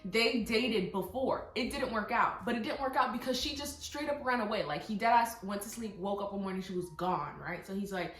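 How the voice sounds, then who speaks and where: A young woman vlogger reviewing books in casual, excited chat, full of fillers and quoted asides. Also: mid-range voice, fairly quick, few pauses. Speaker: book vlogger. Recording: echoey room, faint music.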